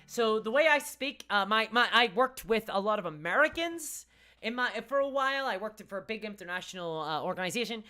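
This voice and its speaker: Bright-voiced Northern Irish woman streamer. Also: mid-range voice, animated, fairly quick. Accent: softened Northern Irish. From Northern Ireland. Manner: chatty, laughing, frequent restarts. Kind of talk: casual livestream chat reading viewer comments.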